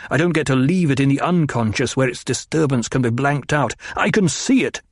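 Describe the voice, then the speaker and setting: A man's voice: medium pitch, lively intonation, fairly quick, no room sound, studio quality. A man reading the part of a gifted young nobleman, bitter and intense, his voice rising as he grows frantic.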